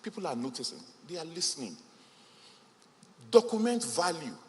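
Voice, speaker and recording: A conference speaker delivers an emphatic motivational speech at a business event, his fairly high voice swinging widely in pitch at a moderate pace. He repeats key phrases for weight, and the large hall gives an echo with faint ambience.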